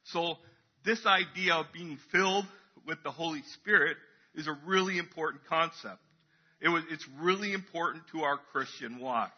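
A man's voice: a little high, normal speed, breathy edge, muffled recording. A man preaching a casual, chatty sermon in church, acting out crowd voices as he tells the story.

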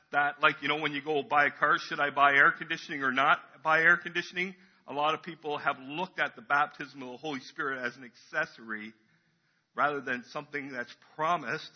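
A man's voice: a little high, muffled recording. A man preaching a casual, chatty sermon in church, acting out crowd voices as he tells the story.

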